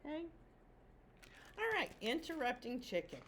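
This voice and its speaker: Bright-voiced woman reading to children. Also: sits high, a little slow, a little hiss or hum. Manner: warm, expressive, asks children questions. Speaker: teacher. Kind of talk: reading a picture book aloud to children.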